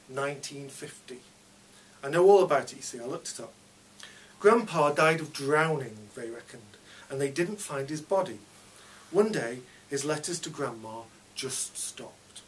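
A man's voice: a little high, a bit bright, recorded from a distance, a little hiss or hum. A man reading his own story aloud at a fiction night, in a chatty child narrator's voice.

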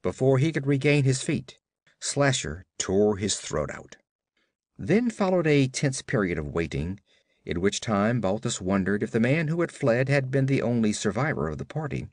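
A man narrating an audiobook with dramatic, expressive storytelling. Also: mid-range voice, normal speed, no echo, studio quality.

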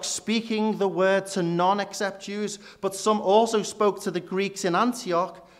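Man preaching, low emphatic drops. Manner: rhetorical, dropping low and quiet for emphasis. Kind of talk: sermon. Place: church.

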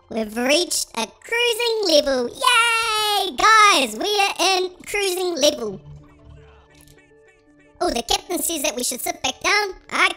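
Super squeaky pitched-up chipmunk voice, bouncy and giggly, bright, faint kids music behind. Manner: bubbly, giggly, exclamatory. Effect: high chipmunk-style pitch-shifted voice. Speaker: gaming channel host. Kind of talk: excited gameplay commentary.

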